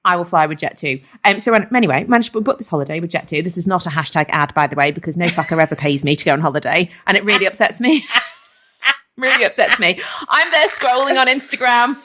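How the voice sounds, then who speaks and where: A woman's voice: sits low, quick pace, fairly bright tone. A middle-aged woman hosting a casual comedy podcast, chatty, swearing freely and laughing often. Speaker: podcast host.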